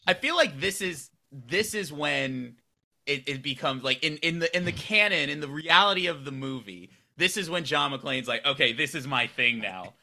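A man's voice: fairly high pitch, expressive, moderate pace, vocal fry, sharp tone. A man co-hosting a casual podcast, reacting enthusiastically to a movie with lots of fillers and laughter. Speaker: podcast co-host.

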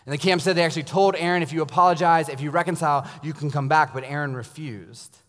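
Pastor preaching in a reverberant hall. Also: male voice, a little high, quick pace. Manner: storytelling, dropping to a hushed intense tone for emphasis. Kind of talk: sermon. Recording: long reverb of a large hall.

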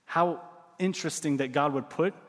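A middle-aged man preaching a sermon, telling stories with lively swings and dropping to quiet emphasis. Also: a little high, normal speed, in a large hall. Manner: animated storytelling, drops to quiet emphasis. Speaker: pastor.

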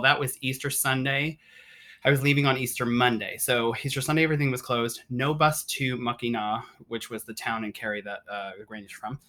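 A guest on an interview show tells a story with lots of energy and frequent laughter, slipping into the voices of the people they met along the way. The pitch sits in a middle range that is hard to place. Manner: animated, laughs often, acts out the people in the story. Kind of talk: casual storytelling.

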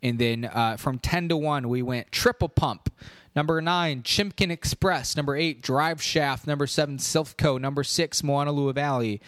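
A man's voice: on the high side, moderate pace, a bit bright, no echo, studio quality. A man hosting his own podcast, running through a playful countdown in a rambling, casual way, with hyped-up announcements. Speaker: podcast host.

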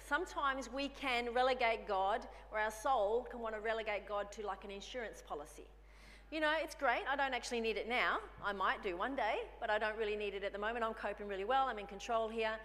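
Bright-voiced woman preaching in a hall. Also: a little high, a little fast. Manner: conversational, acts out dialogue with herself. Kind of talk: sermon. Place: church hall.

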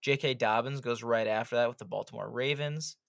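A man's voice: medium pitch, fairly even intonation, fairly quick, gravelly, a bit bright, no echo. Young man, podcast co-host, casual teasing, dry room. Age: young adult. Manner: recaps draft picks, light teasing. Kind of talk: casual sports podcast chat.

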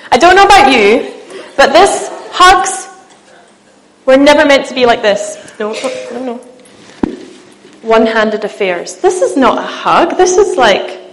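A woman preaching a sermon to a church, lively and self-mocking, talking with the congregation in a loose, conversational way. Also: on the high side, low-quality recording. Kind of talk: humorous sermon with a live demonstration. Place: church meeting.

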